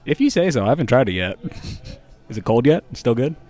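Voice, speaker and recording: A man's voice: medium pitch, sing-song, a little fast, darkish tone, faint music behind. A young man in a casual podcast chat, laid-back with dry jokes. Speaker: podcast co-host.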